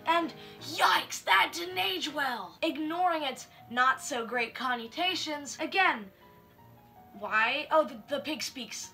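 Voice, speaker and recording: A young woman hosting a comedic review of spooky stories, slangy and deadpan. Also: high-pitched, slow pace, soft background music. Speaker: host.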